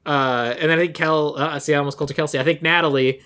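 A man's voice: a little high, fairly even intonation, bright, forceful tone. A man co-hosting a podcast, recapping a movie in casual chat and briefly mimicking the characters. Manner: rambling recap, quick voices for characters. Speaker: podcast co-host.

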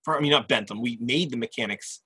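Husky-voiced earnest game designer. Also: male voice, mid-range voice, bright, forceful tone, no room sound, rough recording. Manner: earnest, halting restarts. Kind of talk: casual interview chat.

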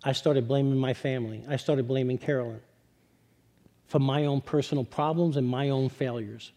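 A middle-aged man with a New York accent, a pastor telling his testimony to a congregation, lively when joking and low and quiet when serious. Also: moderate pace. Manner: animated storytelling, turning low and quiet for serious parts. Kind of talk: sermon testimony.

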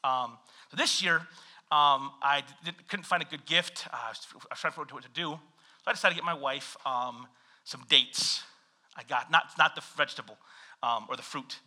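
A man's voice: fairly high pitch, moderate pace. A man preaching a sermon, reading scripture and telling funny stories from his married life. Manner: animated storytelling with scripture reading and humor. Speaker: pastor.

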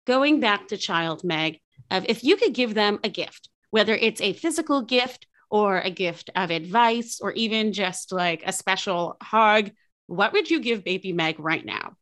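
Bright, effusive woman hosting a podcast. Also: medium pitch, lively intonation, unhurried. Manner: effusive, enthusiastic. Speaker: podcast host. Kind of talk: casual interview chat.

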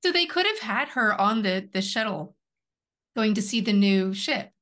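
A woman's voice: medium pitch, sing-song, moderate pace, fairly bright tone. A woman co-hosting a casual podcast chat, musing aloud in a chatty way. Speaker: podcast co-host.

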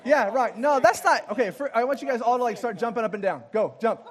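A man's voice: very high voice, fast, a faint crowd. A man preaching an interactive sermon, playful and joking as he gets the audience to act out the scene. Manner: jokey asides with light laughs. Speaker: pastor.

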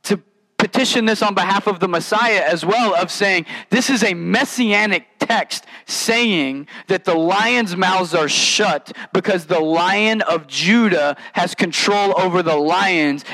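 A man preaching a sermon in a conversational, animated way, with casual asides. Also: high voice, takes it slowly, rough recording. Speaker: pastor.

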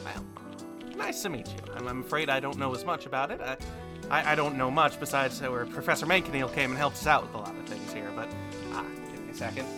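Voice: mid-range voice, quick pace, loud music behind the voice, natural voice. A game master voicing a fussy middle-aged mother who rants at her son and then politely hosts his friends. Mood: warmly polite.

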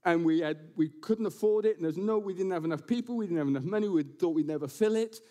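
A man preaching a sermon to his congregation in a church building, animated and quick to slip in jokes and asides. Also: sits high. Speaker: pastor.

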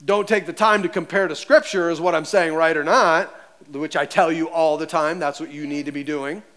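A man preaching a sermon as pastor, animated and conversational, acting out voices as he tells the story. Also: fairly high pitch, moderate pace.

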